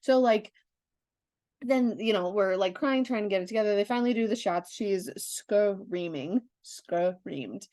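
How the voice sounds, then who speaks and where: A young adult woman co-hosting a podcast, telling stories in a candid, animated way with lots of restarts. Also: mid-range voice, a little slow, no echo, studio quality. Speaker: podcast co-host. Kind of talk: casual chat.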